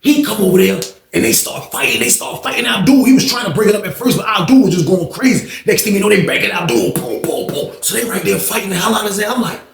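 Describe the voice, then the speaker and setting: Animated high-voiced man telling a story. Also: fast, hardly any pauses, echoey room, noisy background. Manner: animated, acts out voices of others, slangy. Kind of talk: casual storytelling.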